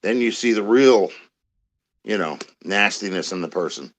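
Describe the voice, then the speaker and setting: Older man with a low voice. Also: normal speed. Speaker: guest in a played clip. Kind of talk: casual talk.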